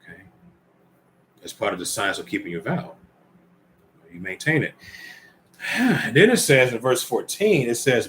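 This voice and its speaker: A man's voice: lowish voice, big pitch swings, moderate pace, long pauses, a bit bright, a little hiss or hum. A man giving informal Bible teaching, reading scripture aloud and commenting conversationally while speaking directly to the brothers and ladies listening.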